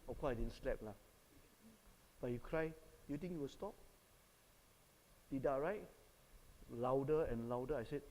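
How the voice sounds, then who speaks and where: A man's voice: medium pitch, normal speed, pauses often, a little mellow, long reverb tail, slight background noise, poor audio. A man with a Singaporean English accent, preaching a sermon and telling stories while asking the audience questions. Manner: storytelling, asks the audience questions.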